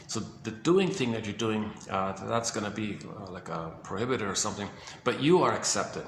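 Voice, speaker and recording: Gravelly-voiced guy rambling through a psych explainer, stops and restarts a lot, roomy echo, faint hum behind. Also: on the low side, expressive. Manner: halting, searching for words, repeats himself. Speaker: speaker on psychology. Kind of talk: casual explanatory monologue. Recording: echoey room with faint ambience.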